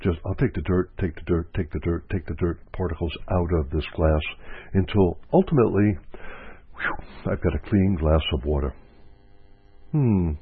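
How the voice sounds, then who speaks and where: Speaking at a moderate pace with frequent pauses, a man with a low, husky voice offers a contemplative spiritual talk as a counselor, using repetition for emphasis. The audio is dry and has a thin, phone-like quality.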